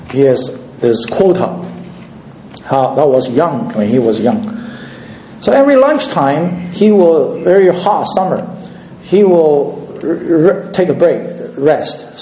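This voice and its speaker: Halting preacher with echo. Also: male voice, fairly high pitch, warm tone. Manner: halting, repeats words, second-language English. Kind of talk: sermon storytelling.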